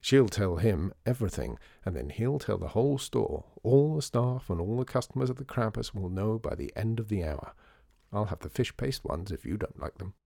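A man voicing a charming, smooth-talking showman in a storybook reading, theatrical and persuasive. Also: lowish voice, lively intonation, normal speed, mellow, dry recording, clean studio sound. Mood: breezy.

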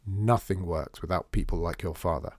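Guy doing a persuasive genial man, storybook, dark mellow tone. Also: low-pitched, normal speed, dry recording, studio quality, voice pushed down. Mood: earnest. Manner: earnest, rhetorical. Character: persuasive genial grown man, shopkeeper's friend.

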